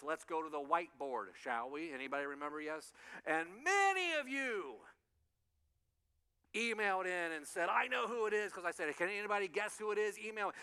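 A man preaching a sermon to a congregation in animated storytelling style, acting out voices and chuckling along the way. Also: on the high side, smooth, long reverb tail. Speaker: pastor. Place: church sanctuary.

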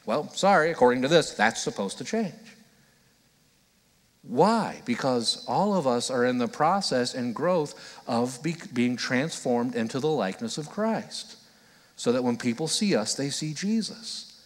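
A man's voice: mid-range voice, animated, measured pace. A male pastor preaching a conversational, earnest sermon, often acting out the voices of people he quotes. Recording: long hall reverb.

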